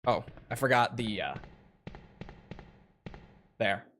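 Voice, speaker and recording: A man's voice: on the low side, lively intonation, slow, fairly bright tone, a little hiss or hum. A young man from Minnesota, streaming a game from his room and chatting with viewers in a rambling, profane, joking way. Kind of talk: casual chat with viewers while gaming.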